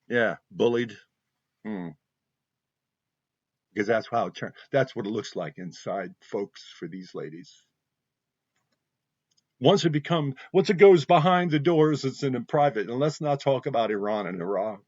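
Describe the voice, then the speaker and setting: A man's voice: mid-range voice, expressive, a little slow, pauses often, a little mellow, dry recording. A man hosting a heartfelt spiritual talk for his viewers, speaking emotionally and with passion, and repeating phrases for emphasis. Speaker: spiritual channel host. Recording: dull dry lo-fi sound.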